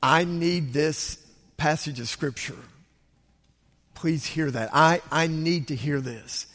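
Older pastor preaching in a reverberant sanctuary. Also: male voice, fairly high pitch, takes it slowly. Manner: storytelling with hushed whispers and sudden loud bursts. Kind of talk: sermon. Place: church sanctuary. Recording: long hall reverb.

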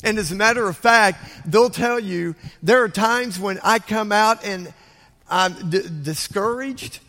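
An older man delivers a Sunday sermon from the pulpit, his voice sitting a little high for a man. He tells stories in lively swings, dropping to hushes and rising to loud bursts. The sound rings out with the long reverb of a large church sanctuary. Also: a little slow. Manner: storytelling with hushed whispers and sudden loud bursts. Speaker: pastor.

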